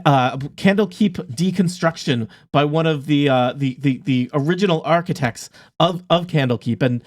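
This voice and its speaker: A man's voice: on the high side, moderate pace, no room sound, studio quality, natural voice. A man doing a stammering nervous gnome cultist. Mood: explaining. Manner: stammering, defensive.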